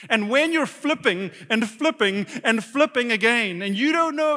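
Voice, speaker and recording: A middle-aged man preaching a sermon, telling a story about himself in an animated, self-mocking way and acting out his own reactions. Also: extremely high pitch, normal speed. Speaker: pastor. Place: church hall. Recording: live church hall reverb.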